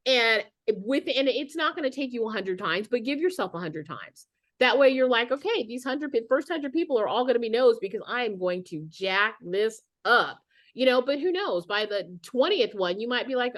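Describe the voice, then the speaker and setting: A woman's voice: a little high, lively intonation, normal speed, a bit bright. A middle-aged woman giving a casual motivational talk on a video call as a guest speaker, chatty and rambling with many restarts.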